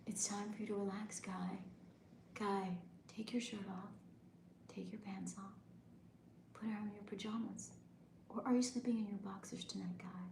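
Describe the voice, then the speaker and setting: A woman's voice: medium pitch, fairly even intonation, moderate pace, pauses often, echoey room, background noise, lightly acted. Woman doing a whispered role-play bedtime voice. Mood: soothing, bossy. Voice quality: breathy unvoiced whisper.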